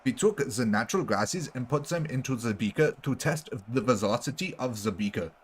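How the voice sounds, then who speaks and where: A man's voice: medium pitch, animated, fairly quick, slightly rough. A man putting on an over-the-top, pompous mock German accent as a mad scientist.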